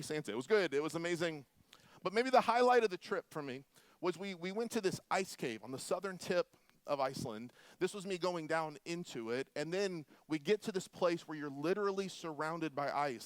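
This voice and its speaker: Animated pastor in his forties, dry sound. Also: on the high side, dry recording. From Florida. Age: 40s. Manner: animated, humorous storytelling with quiet prayer. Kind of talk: sermon with storytelling.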